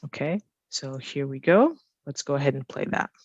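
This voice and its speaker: A woman ESL teacher explaining grammar and pronunciation, slowly repeating key phrases for learners. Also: rumbling low, lively intonation, no echo, muffled recording. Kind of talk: slow, careful teaching explanation.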